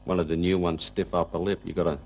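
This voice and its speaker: Man, rock guitarist, very deep gravelly voice, rambling interview talk. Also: little pitch movement, poor audio. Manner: rambling and halting, full of "you know". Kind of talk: casual interview reminiscence.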